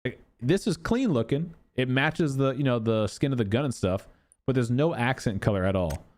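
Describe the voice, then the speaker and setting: A man giving casual commentary on game cosmetics, with an animated, exasperated, swearing manner. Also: medium pitch, normal speed. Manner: animated, exasperated ranting with profanity. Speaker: gaming content creator.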